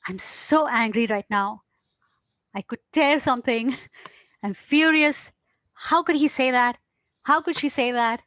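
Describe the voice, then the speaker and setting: A woman coach walks listeners through a self-help technique with patient, explanatory instructions. Her voice sits a little high, and the sound is close and dry, with no room ringing around her. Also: a bit bright, no room sound. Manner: patient, explanatory, with small hesitations. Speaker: astrologer and coach.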